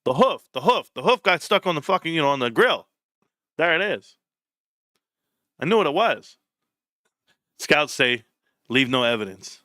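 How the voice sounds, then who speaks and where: A man's voice: fairly high pitch, sing-song, normal speed, long pauses, dry recording, clean studio sound. A man hosting a live stream in casual chat, rambling, joking and swearing a lot. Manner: profane, rambling, joking, laughs loudly.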